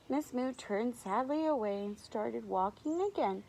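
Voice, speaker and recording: A woman teacher reading a picture book aloud to young children, animated, stopping to ask them to guess. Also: on the high side, measured pace, gravelly, few pauses, low-quality recording. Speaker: preschool teacher.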